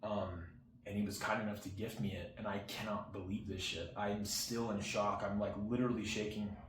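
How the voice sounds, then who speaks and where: A man's voice: lowish voice, level tone, normal speed. A young man telling a personal story to his viewers in a casual, rambling way, full of fillers, acting out what his friend said. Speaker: channel host. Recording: roomy echo, faint background hiss.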